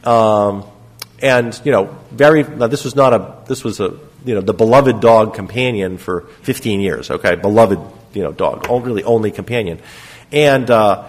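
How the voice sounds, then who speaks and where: A middle-aged man lecturing on psychotherapy in a lively, conversational way, often checking in with "okay?" and acting out short example lines. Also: lowish voice, normal speed.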